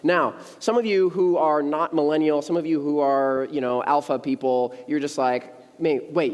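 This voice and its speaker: A man in his thirties tells a funny childhood story from the pulpit, casual and playful. His voice sits a bit high. It rings out with a long reverb through the church. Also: darkish tone. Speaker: young adults pastor. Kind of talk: humorous storytelling sermon. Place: church sanctuary.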